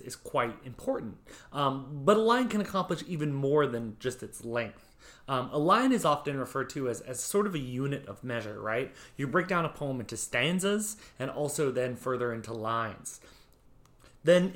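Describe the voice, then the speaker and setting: A man with an ordinary middle-pitched voice lectures on poetry. He explains patiently and conversationally, often pausing on "um" and restarting his sentences as he goes. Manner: explains patiently with frequent ums and small restarts. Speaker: poetry instructor.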